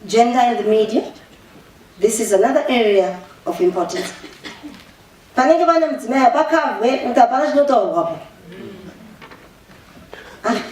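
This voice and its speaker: Zimbabwean woman giving an animated speech. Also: fairly high pitch. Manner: animated, mixes English with Shona, frequent restarts. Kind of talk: public speech. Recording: echoey room, voice far from the mic, faint ambience.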